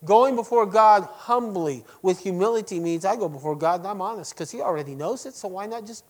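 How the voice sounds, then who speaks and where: A middle-aged man preaching to his congregation, swinging between loud emphasis and quiet lines and asking them direct questions. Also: high voice, a little fast. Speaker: pastor. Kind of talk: sermon.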